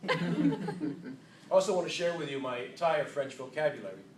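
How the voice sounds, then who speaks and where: A man giving a humorous contest speech to an audience in a hall, playful and self-mocking, with unhurried comic timing. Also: mid-range voice, expressive, very noisy. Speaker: contest speaker. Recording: echoey hall, distant mic.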